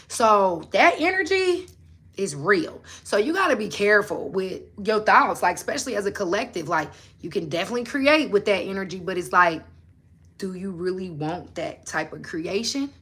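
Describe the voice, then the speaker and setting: A woman's voice: fairly low pitch, fairly bright tone. A woman, hosting a casual motivational livestream. She preaches and talks in slang, firing direct questions at her viewers.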